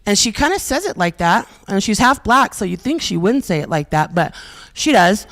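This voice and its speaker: A woman's voice: medium pitch, very animated, moderate pace, a bit bright. A middle-aged woman performing a stand-up comedy set on a theater stage, telling stories with brassy, self-mocking asides and punchy lines. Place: historic theater stage with live audience.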